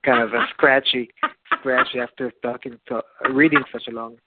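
A man with a calm, soothing voice reading a book aloud. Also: medium pitch, moderate pace, background noise. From lived many years in Israel. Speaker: guest reader. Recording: tinny phone-like call audio.

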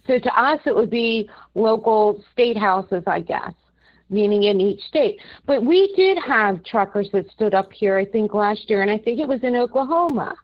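A woman's voice: mid-range voice, lively intonation, moderate pace, muffled recording. A woman in casual chat, unsure and hedging her points with "I think" and "I guess".

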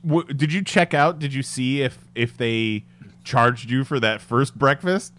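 A man's voice: mid-range voice, unhurried, fairly bright tone. A man co-hosting a podcast, chatting casually, teasing his friend and laughing a lot. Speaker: podcast co-host. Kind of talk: casual chat.

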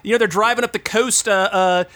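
A man hosting a podcast, chatting casually about a movie, animated and mocking, acting out lines from it. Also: brisk. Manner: animated, mocking, acts out quotes in a high voice. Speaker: podcast host.

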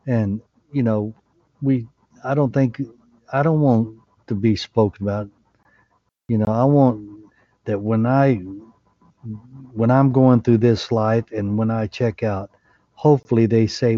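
Earnest, halting man on a call. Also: medium pitch, steady tone, dark tone, no room sound. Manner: earnest, apologetic, halting with many restarts. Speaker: call participant. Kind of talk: casual group call. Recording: muffled lo-fi call audio.

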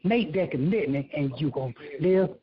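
A man giving a casual motivational rant, preachy and profane, repeating himself, with a husky voice. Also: fairly high pitch, expressive, moderate pace, muffled recording.

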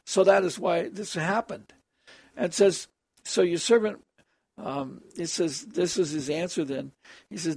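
Raspy high-voiced male preacher. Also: unhurried, no room sound. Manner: earnest, explains scripture line by line. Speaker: preacher hosting a call-in program. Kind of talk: evening scripture teaching.

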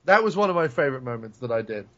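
A man's voice: mid-range voice, sing-song, racing, sharp tone, highs cut off. A man telling rambling, profane stories as a podcast co-host, laughing as he goes. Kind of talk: casual chat, storytelling.

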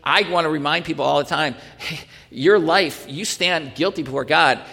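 A man's voice: fairly high pitch, normal speed, creaky, sharp tone, big-room sound, a little hiss or hum. A male pastor teaching a sermon in earnest, pressing the point with rhetorical questions and restarting his sentences.

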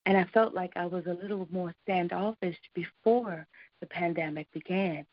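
A woman's voice: fairly low pitch, steady tone, normal speed, no echo. A woman guest on a talk radio show, speaking in an encouraging, faith-centered way. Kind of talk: casual chat. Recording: dull, dry lo-fi radio sound.

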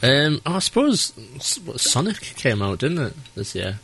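Man, mid-pitched, rambling and laid-back, podcast co-host. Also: very animated, a little slow, gravelly, fairly bright tone, slight background noise. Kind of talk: casual chat.

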